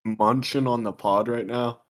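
A man's voice: medium pitch, steady tone, unhurried. A young man co-hosting a podcast, teasing his friend and laughing often in casual chat. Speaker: podcast co-host.

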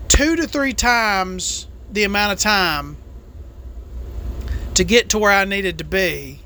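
A woman with a bright, tense voice vents on her solo podcast, swearing hard as she complains about the road. Her delivery jumps around, leaping up in bursts and then dropping low and quiet. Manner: profane, angry complaining; lively, jumpy delivery. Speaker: podcast host and truck driver.

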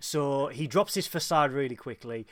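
A man's voice: medium pitch, normal speed, a bit bright, no echo, clean studio sound. A man with a Northern English accent co-hosting a casual episode review, enthusiastic and jokey. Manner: enthusiastic, jokey, sings snatches badly. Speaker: podcast co-host reviewing episodes.

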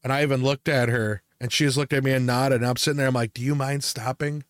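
Young man, mid-pitch, dry close sound, rambling cursing storyteller. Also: steady tone, quick pace, no echo. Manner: ranting storyteller, heavy swearing and fillers. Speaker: podcast co-host. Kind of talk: casual chat.

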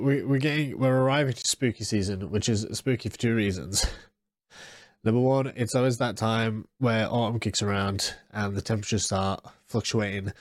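A man's voice: on the low side, no room sound, clean studio sound. A man in his thirties with a congested, nasal voice, chatting casually as a podcast host in a rambling way. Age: 30s. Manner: rambling, with frequent restarts and fillers. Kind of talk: casual solo podcast chat.

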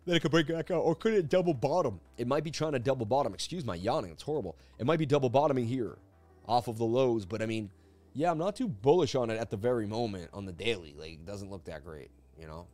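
A man hosting a casual live stream of crypto chart analysis from his seat at a desk, talking in an energetic, rambling, jokey way. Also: fairly low pitch, quick pace. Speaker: crypto market analyst host. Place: seated at a desk indoors.

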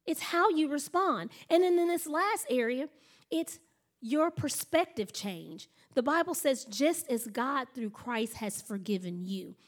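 A woman's voice: high-pitched, expressive, unhurried. A woman pastor, telling a story in a sermon and acting out the voices of the people in it. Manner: storytelling, acts out quoted voices.

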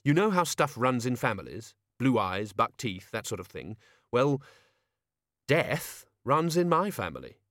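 A man voicing a brisk, impatient young governess who speaks curtly. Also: medium pitch, sing-song, fairly bright tone, no echo, studio quality. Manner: curt, impatient.

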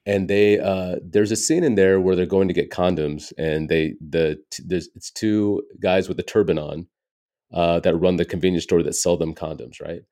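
A man's voice: deep voice, fairly even intonation, moderate pace, warm tone. An American man in his forties, a comedian telling candid stories in a casual interview, peppering his talk with "you know.". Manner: candid, reflective storytelling with frequent "you know". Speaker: stand-up comedian, guest.

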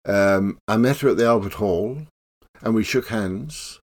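An older man, a professional clown telling stories in a relaxed interview. He laughs often and acts out the voices in his tales. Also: on the low side, measured pace. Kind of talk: casual storytelling interview.

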